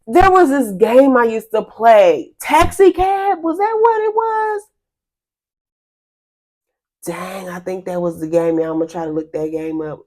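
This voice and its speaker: A woman's voice: on the low side, darkish tone. A woman giving a casual spiritual reading to her viewers, rambling and chatty, laughing often and calling them y'all. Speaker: spiritual reader.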